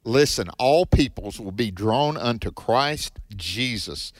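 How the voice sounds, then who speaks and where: A man's voice: mid-range voice, animated, slow, dry recording. A man co-hosting a Bible teaching show, giving earnest, preacherly exhortations in a conversational way.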